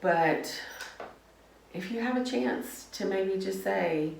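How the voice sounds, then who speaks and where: A middle-aged woman hosting a casual faith vlog while gardening, talking in a gentle, meandering way with many fillers. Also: mid-range voice, takes it slowly, gravelly, a little hiss or hum. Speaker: vlog host. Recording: roomy echo from a distance with faint ambience.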